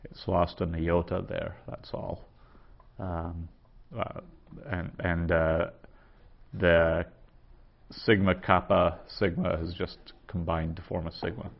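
A man with a very low voice talks slowly through a grammar lesson. He is patient and methodical and repeats each form out loud, and the recording sounds dull and muffled. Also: level tone, vocal fry. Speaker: Greek teacher. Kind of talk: slow spoken grammar lesson.

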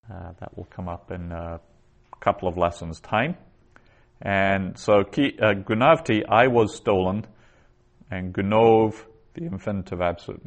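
Deep-voiced man teaching Hebrew grammar. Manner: patient, explanatory, reads Hebrew phrases aloud slowly. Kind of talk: recorded grammar lesson.

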